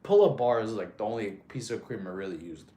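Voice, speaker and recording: A man's voice: on the low side, lively intonation, quick pace, warm tone, reverberant. A man chatting casually on a live stream, giving fitness advice, thanking viewers and counting out push-ups, sometimes a little out of breath. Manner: laid-back, chatty, thanks viewers, counts reps aloud.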